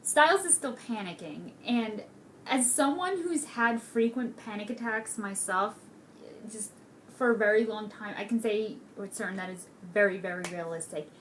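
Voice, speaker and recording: A young woman talks through a TV episode in a loose, gushing recap. She is excitable and swears freely, with a faint hiss of noise behind her. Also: medium pitch, normal speed. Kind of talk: casual recap vlog.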